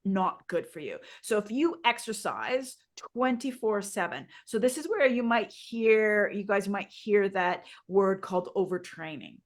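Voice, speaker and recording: A woman yoga teacher explains breathing to her co-host in an instructive podcast chat. She talks in a guiding way and keeps turning to her listener with questions. Her voice sits at a middle pitch. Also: sing-song, a little slow, hardly any pauses.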